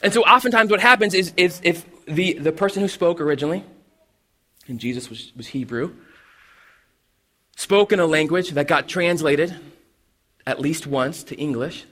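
A man preaching a casual, conversational sermon, animated and full of restarts and acted-out asides. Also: a little high, moderate pace, pauses often. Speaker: pastor.

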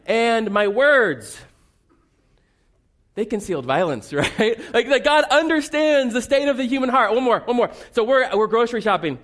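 A man's voice: extremely high pitch, very animated, moderate pace, long pauses, fairly bright tone. A man preaching a sermon as a pastor, telling funny family stories in a conversational, self-deprecating way.

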